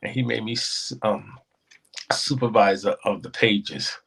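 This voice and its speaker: A man telling a personal story as a guest, in an animated way that acts out the voices of the people in it. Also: fairly low pitch, measured pace, gravelly, slightly rough, low-quality recording.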